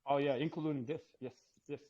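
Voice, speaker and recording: A man chatting as a guest on a podcast, excitable and laughing, stumbling over his words. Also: a little high. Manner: excitable, laughing, halting restarts. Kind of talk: casual chat. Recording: dull lo-fi call audio.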